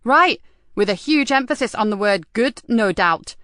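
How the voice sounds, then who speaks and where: A woman narrator voicing a sharp-tongued, weary female police inspector who answers back with sarcasm and defiance. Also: a little high, animated, normal speed, no room sound, studio quality. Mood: sarcastic.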